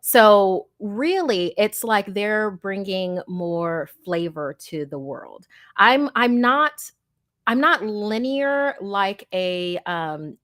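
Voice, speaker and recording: Woman, dungeon master, enthusiastic, animated, casual interview talk, medium pitch. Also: very slow. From USA. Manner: enthusiastic, animated, repeats words when starting.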